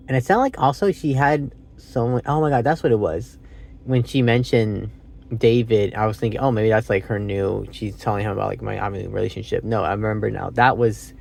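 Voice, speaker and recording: A man's voice: mid-range voice, creaky, darkish tone, a little hiss or hum. A man giving a casual, rambling solo movie review, thinking aloud with lots of fillers, self-corrections and casual swearing.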